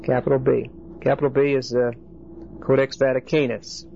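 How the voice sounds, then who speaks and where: Here the Bible study lecture comes in a mid-range, gravelly yet mellow voice with a level tone and moderate pace. The man walks his group through every point, frequently checking in, and the lo-fi recording sounds dull with faint hiss behind it.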